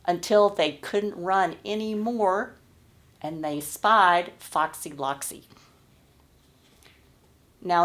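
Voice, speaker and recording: Woman telling a kids' story at church, gentle, lowish voice. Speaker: worship leader. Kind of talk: telling a children's story in a service.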